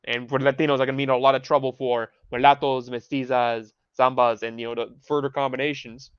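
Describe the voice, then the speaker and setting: A young livestream host with a mid-range, fairly flat voice talks quickly in a clean tone with no echo, though the dull home mic sounds lo-fi. He rants heatedly, swearing heavily, rambling through restarts and dropping in Spanish phrases.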